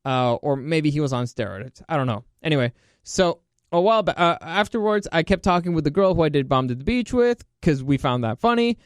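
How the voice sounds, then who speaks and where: A young man hosts a podcast, telling stories in a loose, rambling way and laughing as he goes, in a casual question-and-answer style. His voice is fairly high and a little fast. The studio recording is clean, with no room sound.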